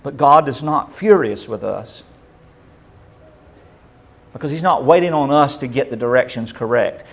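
A man's voice: mid-range voice, animated, a little slow, creaky. Man preaching a sermon. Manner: dynamic preaching, swinging between loud and soft. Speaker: pastor.

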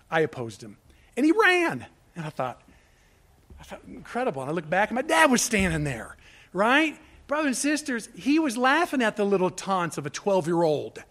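A man preaching a sermon, swinging between loud, urgent appeals and hushed asides. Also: sits high. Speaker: pastor.

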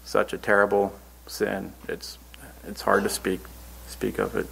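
A man's voice: lowish voice, little pitch movement, unhurried, creaky, fairly bright tone, slight background noise. A man preaching a Bible-teaching sermon, reading scripture verses aloud and then explaining them in earnest, plain words.

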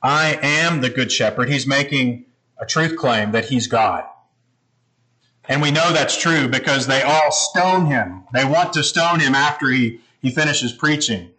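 A man's voice: medium pitch, unhurried, pushed and bright, low-quality recording. A man preaching a sermon, explaining scripture in a conversational, teaching manner. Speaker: pastor.

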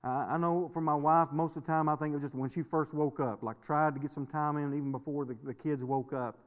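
A man's voice: fairly high pitch, steady tone, brisk. A middle-aged male pastor preaching a sermon in a folksy, storytelling way, repeating words and laughing often. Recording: long hall reverb.

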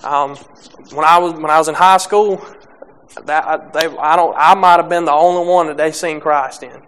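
A young man preaching a sermon, halting with many restarts and fillers, reading scripture and speaking plainly about faith. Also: fairly high pitch, fairly even intonation, a bit bright, smooth.

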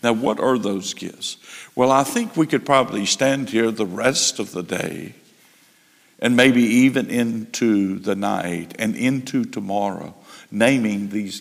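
A man preaching a sermon, slow and emphatic, building in intensity. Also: lowish voice, creaky, big-room sound. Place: church.

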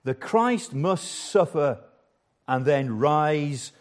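A man's voice: a little high, expressive, very slow. An older man preaching a sermon as the church's pastor, earnest and emphatic, repeating key phrases for weight.

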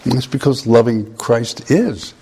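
A man preaching a conversational sermon, often pausing and restarting phrases. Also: mid-range voice, dark tone, slightly rough.

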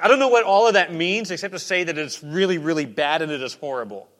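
Bright-voiced preaching man. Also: fairly high pitch. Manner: conversational preaching, swings between quiet asides and loud emphasis. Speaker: pastor. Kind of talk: sermon.

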